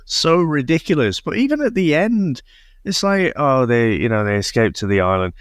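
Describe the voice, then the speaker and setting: A man's voice: mid-range voice, sing-song, normal speed, dry recording, clean studio sound. A British man co-hosting a podcast, mocking a film with laughing banter and swearing. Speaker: podcast co-host. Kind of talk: casual film review chat.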